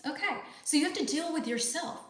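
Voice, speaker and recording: A woman's voice: sits high, fairly quick, fairly bright tone, echoey room. A middle-aged woman hosting a live English lesson, chatting casually, thinking aloud and reading viewer comments. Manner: chatty, thinking aloud, frequent fillers and laughs.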